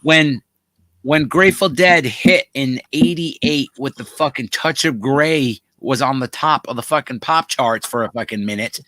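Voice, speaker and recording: Man, stream host, bright forceful voice, dry close sound, profane joking banter. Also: medium pitch, measured pace, dry recording. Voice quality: crude, profane, jokey banter. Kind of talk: casual chat.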